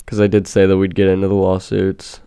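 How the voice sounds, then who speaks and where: A man's voice: low voice, monotone, brisk, creaky, warm tone, clear, resonant tone. A man hosting a solo podcast, ranting in an exasperated, rambling way with frequent restarts. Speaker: podcast host. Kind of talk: solo rant monologue.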